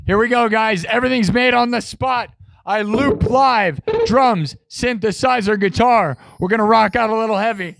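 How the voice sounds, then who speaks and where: Brash, gravelly livestream host. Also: male voice, high voice, moderate pace, fairly bright tone, no echo. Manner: brash, teasing, ranting. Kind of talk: casual livestream chat.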